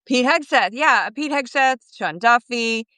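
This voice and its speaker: A middle-aged woman talking as a guest in a casual interview, lively and quick, laughing between thoughts. Her voice is bright and a little high. The phone sound is dry and close. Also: dry recording. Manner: animated, quick, laughing asides. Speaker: podcast guest.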